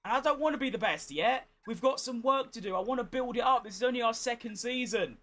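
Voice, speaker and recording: Streamer, man, high-pitched, croaky and worn out, chatty, swearing, exasperated. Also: quick pace, fairly bright tone. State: hoarse, tired. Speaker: gaming streamer. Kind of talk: casual gameplay commentary.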